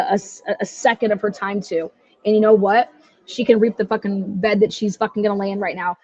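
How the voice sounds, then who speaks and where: A woman's voice: medium pitch, a little mellow. Woman ranting profanely, dull lo-fi audio. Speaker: livestream host. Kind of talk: heated true-crime livestream commentary.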